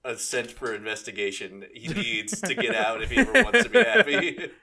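Joking, bright-voiced podcast co-host man. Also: medium pitch, big pitch swings, moderate pace. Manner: joking, sarcastic. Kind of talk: casual chat.

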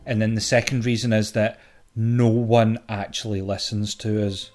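A man co-hosting a podcast, teasing in a dry, deadpan way. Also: lowish voice, normal speed. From Scotland. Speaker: podcast co-host. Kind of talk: casual chat.

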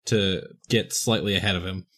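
A man playing a tabletop game in casual chat, eager and quick to add detail about his character. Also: low voice, fairly even intonation, fairly bright tone. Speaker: player.

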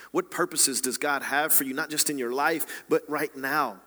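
A man preaching a sermon as a pastor, swinging between hushed, quiet passages and loud, rising exhortation. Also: fairly high pitch, moderate pace, hardly any pauses, long reverb tail.

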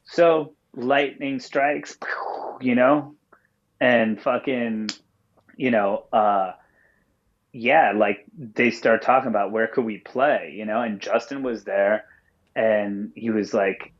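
A man's voice: mid-range voice, steady tone, slow pace. A man calling in as a podcast guest and telling a story casually, rambling with lots of fillers and swearing. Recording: dull call-in audio.

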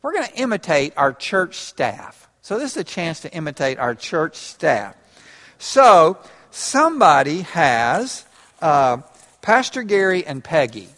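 A man's voice: a little high, sing-song, measured pace, a bit bright. A man preaching an interactive sermon, talking conversationally and laughing along with his congregation. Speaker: pastor. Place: church. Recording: reverberant church hall.

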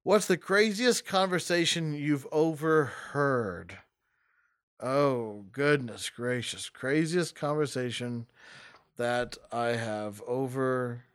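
A man's voice: medium pitch, takes it slowly, clean tone. A young adult man answering personal questions in a casual, rambling way, often restarting sentences and laughing as he talks. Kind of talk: casual storytelling.

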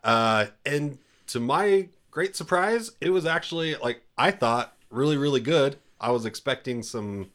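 Relaxed man steering a podcast chat. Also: mid-range voice, unhurried, few pauses. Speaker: podcast host. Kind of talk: casual group chat about TV.

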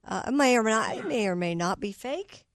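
A woman's voice: on the high side, animated, fairly quick. A woman co-hosting a morning radio show, playful and teasing in casual banter.

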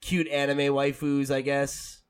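An American man hosting a gaming podcast in casual chat, rambling with lots of filler and quick laughs. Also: mid-range voice, monotone, smooth. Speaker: podcast host.

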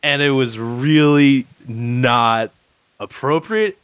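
A man's voice: medium pitch, takes it slowly, a bit bright, clear, resonant tone, no room sound. Rambling casual man telling a story. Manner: rambling storyteller, many "like" fillers and restarts; swears casually. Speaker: podcast co-host. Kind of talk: casual chat.

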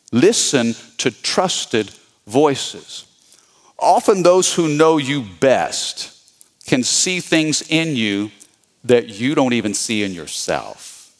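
A man's voice: a little high, a bit bright. A man preaching a sermon as pastor, repeating his key points and calling out to the congregation.

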